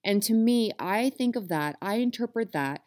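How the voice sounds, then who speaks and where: A woman's voice: medium pitch, animated, normal speed, darkish tone. A woman hosting a self-help talk, speaking to listeners in an earnest, passionate way. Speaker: self-help podcast host.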